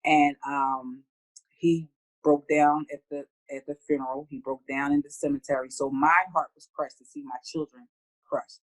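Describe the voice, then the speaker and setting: A middle-aged woman speaking heartfelt in a casual interview, often acting out her own conversations in a higher voice. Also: level tone, normal speed, rough recording. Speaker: guest.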